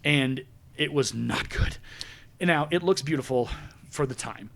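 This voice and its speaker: A man in his forties hosting a podcast, chatting casually in an animated, jokey, rambling way. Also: medium pitch, unhurried, gravelly. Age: 40s. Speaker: podcast host. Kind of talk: casual chat.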